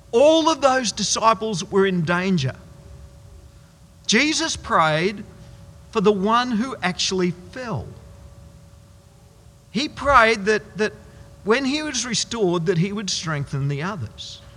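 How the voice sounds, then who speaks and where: A man preaching a sermon as pastor, emphatic and slowing down hard on key words, in a church hall. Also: high voice, animated, sharp tone, breathy edge.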